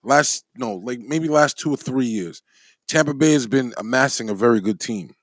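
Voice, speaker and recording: Man, podcast co-host, casual sports talk, measured, dry close sound. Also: medium pitch, no room sound.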